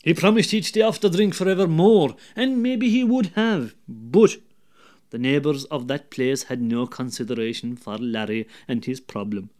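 Lively Irish storyteller, man. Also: medium pitch, moderate pace. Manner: lively, dramatic, drops to hushed asides. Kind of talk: folk tale storytelling.

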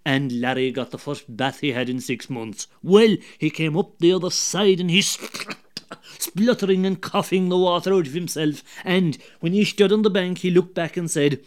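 A man with an Irish accent telling a folk tale, lively and dramatic, dropping to hushed asides. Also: a little high, moderate pace. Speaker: storyteller.

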